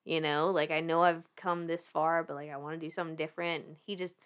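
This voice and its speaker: A woman in her thirties with a Southern US accent, a podcast guest telling her story in animated casual talk, laughing often and swearing freely. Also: sits low, fast, clear, resonant tone.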